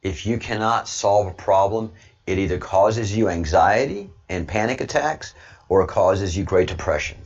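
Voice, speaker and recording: Deep-voiced Southern American man rambling. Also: normal speed, husky, highs cut off. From Southern United States. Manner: rambling, frequent restarts, calls listeners brother. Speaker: online commentary host. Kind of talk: casual monologue.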